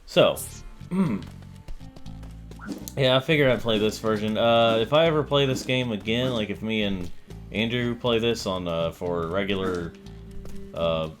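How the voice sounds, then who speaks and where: A man's voice: lowish voice, unhurried, long pauses, faint music behind. A man hosting a casual let's-play, talking in a rambling, hesitant way while he plays. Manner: rambling, hesitant, lots of fillers. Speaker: gaming channel host.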